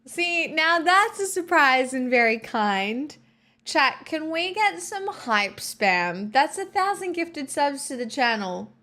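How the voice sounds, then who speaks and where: A woman hosts a live stream from home, talking to her chat in a casual, sarcastic and playful way. Her voice sits fairly high, and she speaks into a desk microphone. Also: big pitch swings, slow, sharp tone. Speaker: livestream host.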